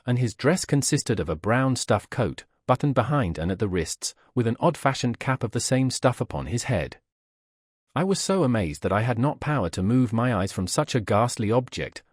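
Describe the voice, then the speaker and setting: A man narrating a classic novel aloud as an audiobook in an expressive, lively reading. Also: medium pitch, no echo, studio quality.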